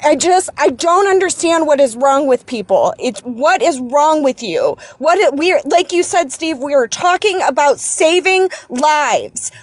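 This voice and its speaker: A woman calls into a live stream with a high, expressive voice, speaking unhurriedly with few pauses on a dry recording. Angry and shaken, she delivers an impassioned political rant, emphatic and repetitive, restarting sentences when upset.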